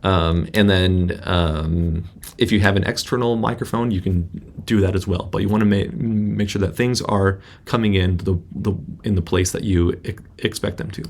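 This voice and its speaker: Male instructor, deep fry in the voice, halting tutorial delivery, laptop mic. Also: fairly even intonation. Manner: casual, halting, many restarts. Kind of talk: screen-recorded software tutorial. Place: indoor room at a laptop. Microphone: laptop built-in microphone.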